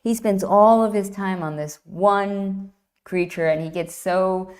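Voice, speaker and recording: A woman guest retelling an ancient myth in lively, enthusiastic conversation, often restarting her phrases. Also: medium pitch, measured pace. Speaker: guest, classics writer. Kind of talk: animated myth storytelling in conversation.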